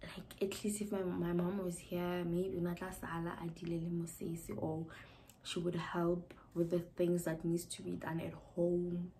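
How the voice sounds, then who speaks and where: Emotional South African woman, low voice. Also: completely flat delivery, measured pace, dark tone, slight background noise, poor audio. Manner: emotional, mixing English with Sesotho, drops often to a near whisper. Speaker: YouTuber. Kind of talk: casual storytime vlog.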